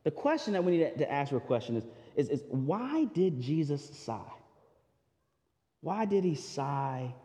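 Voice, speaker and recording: Man preaching, high voice, casual and animated delivery, long reverb. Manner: animated, conversational, acts out voices and laughs. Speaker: pastor. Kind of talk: sermon. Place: church sanctuary.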